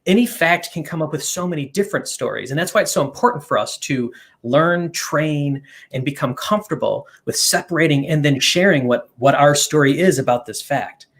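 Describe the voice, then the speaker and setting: A man's voice: a little high, brisk, few pauses, a bit bright. A man guesting on a live stream, earnestly explaining ideas and listing them in long runs. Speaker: guest, company co-founder.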